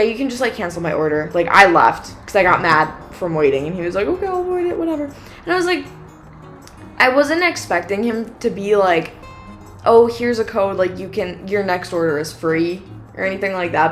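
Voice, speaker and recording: Young woman, podcast co-host, chatty storytelling, lively quoted back-and-forth, faint music behind. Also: mid-range voice, brisk. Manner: animated storyteller, acts out quoted exchanges with many "like"s. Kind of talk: casual storytelling chat.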